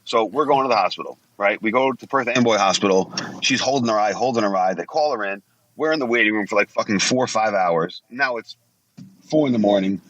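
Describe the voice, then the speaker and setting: A former wrestler in his forties, guesting on a podcast, rambles casually through blunt stories laced with profanity. His voice is fairly low and fairly bright, he talks fairly quickly, and the audio has its highs cut off.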